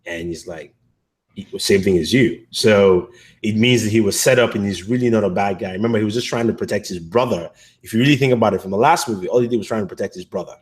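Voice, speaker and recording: A man's voice: fairly low pitch, quick pace. A man co-hosting a casual movie review chat, rambling with many fillers and restarts. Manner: acts out characters' lines in quotes.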